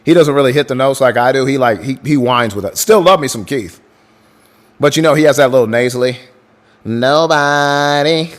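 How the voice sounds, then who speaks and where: A man's voice: medium pitch, fast talker. A man hosting a livestream in casual chat, swearing freely and hyping up viewers as he thanks them by name. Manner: breaks into crooning song lines. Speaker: livestream host.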